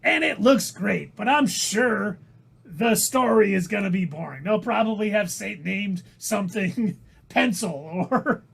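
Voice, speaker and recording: A man putting on a shrill, grating impression of a middle-aged male comedian, whining and drawn out, while co-hosting a livestream chat. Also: expressive, fairly bright tone, heavily acted. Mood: snarky. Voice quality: screechy, raspy and strained. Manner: exaggerated comic whine, drawn-out delivery. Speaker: co-host.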